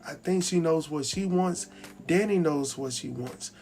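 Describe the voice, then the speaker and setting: A man's voice: on the high side, measured pace, faint music behind. Chatty man recapping a TV episode. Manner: chatty, animated, acts out characters' lines. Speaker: TV recap host. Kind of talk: casual recap commentary.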